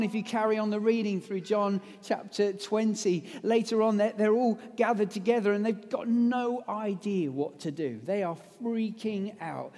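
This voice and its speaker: A man preaching a lively, conversational sermon that retells a story, with casual asides. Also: sits high. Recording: long hall reverb.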